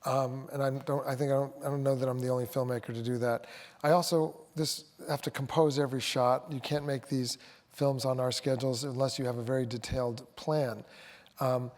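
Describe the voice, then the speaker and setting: A man, a film director, talking onstage in a rambling, self-correcting way that turns into animated storytelling. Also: mid-range voice, a little fast. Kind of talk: onstage conversation. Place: auditorium stage. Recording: long hall reverb.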